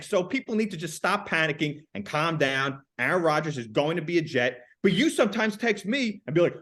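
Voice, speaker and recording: Young male sports co-host, blunt and animated. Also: a little high, brisk, hardly any pauses. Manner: blunt, swearing, emphatic. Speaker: podcast co-host. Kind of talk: casual sports chat.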